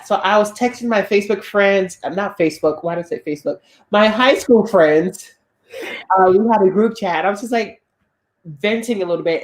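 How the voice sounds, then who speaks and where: On a relaxed podcast, a young woman co-host with a Southern US accent and a mid-range voice tells a personal story in casual chat. She's loose and chatty, often laughing between sentences.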